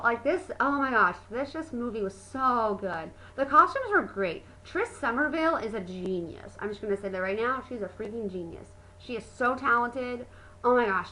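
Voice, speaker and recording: Bubbly young woman with a bright voice. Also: a little high, poor audio. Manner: gushing, excitable, full of fillers. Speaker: book and movie vlogger. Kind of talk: casual video review.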